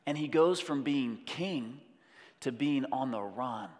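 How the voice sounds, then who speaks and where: A man preaching a sermon in an animated way, breaking off to act out voices. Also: medium pitch, slow pace. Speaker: pastor. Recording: long hall reverb.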